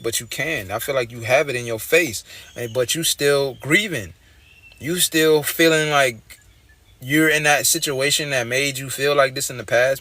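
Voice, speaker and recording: A man's voice: medium pitch, fairly bright tone. A young man giving a casual tarot reading in a blunt, streetwise way, repeating his points as he talks. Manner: loose, conversational, repeats phrases. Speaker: tarot reader.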